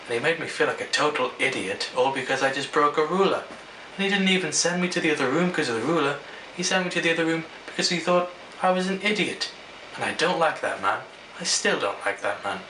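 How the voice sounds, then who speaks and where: A young man chats casually to the camera, answering question prompts and rambling through stories, often interrupting himself and starting over. His mid-range voice has lively intonation and moves a little fast. The recording sounds echoey, with the mic at a distance and some background noise.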